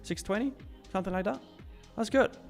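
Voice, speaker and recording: A man's voice: sits high, a little fast, gravelly, soft background music. A young Swiss man casually hosting a live trading stream, chatting, reading out chat messages and laughing often. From Switzerland.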